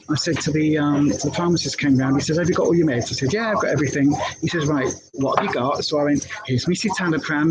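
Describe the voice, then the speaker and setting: A middle-aged woman, casually telling a candid story live from her hospital bed, halting often with fillers and restarts. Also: deep voice, background noise. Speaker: health vlogger.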